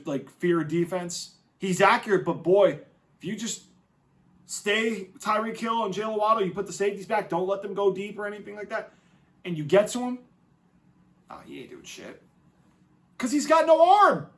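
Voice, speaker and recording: Casting: male sports podcaster, high voice, sarcastic swearing rants. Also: moderate pace, long pauses. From New England, United States. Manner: animated, mocking, profane rants. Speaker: podcast host. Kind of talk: casual sports commentary.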